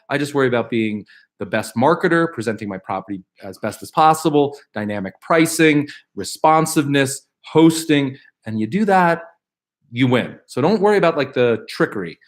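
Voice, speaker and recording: A man's voice: medium pitch, fairly quick. A middle-aged man hosting a live question-and-answer stream, chatting casually and with rambling energy, reading out viewer questions and answering them. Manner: animated, upbeat, rambling with fillers and restarts; reads viewer questions aloud.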